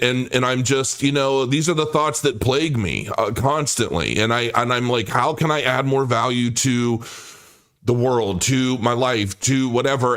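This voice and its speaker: A man's voice: mid-range voice, a bit bright. A man in his forties talks off the cuff on a livestream, with a mid-range voice. He rambles and stops short, often restarting his sentences partway through. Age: 40s. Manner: rambling, halting, many restarts and fillers. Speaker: crypto livestream host. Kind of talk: casual livestream monologue.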